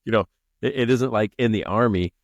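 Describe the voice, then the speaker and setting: A man's voice: lowish voice, brisk, no room sound, highs cut off. A man co-hosting a podcast in casual chat, laughing often and stumbling over restarts as he tells stories. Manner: laughs often, stammers and restarts, acts out quoted people. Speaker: podcast co-host.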